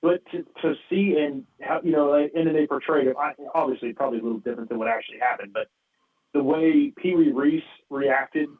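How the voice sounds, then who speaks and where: Homme excitable sur ligne téléphonique lointaine. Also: male voice, a little high, brisk. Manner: excitable, says dude and I mean a lot. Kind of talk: casual sports talk. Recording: distant tinny phone-like line.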